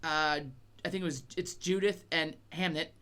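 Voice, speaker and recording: A woman's voice: deep voice, fairly even intonation, moderate pace, a bit bright, clear, resonant tone. A middle-aged woman co-hosting a chat podcast, rambling casually and swearing a lot, with many fillers and restarts. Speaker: podcast co-host.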